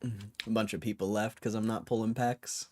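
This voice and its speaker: A man's voice: fairly low pitch, level tone, moderate pace. A young man hosting a livestream, chatting casually and reading viewer comments with a laid-back, rambling manner full of slang. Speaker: livestream host.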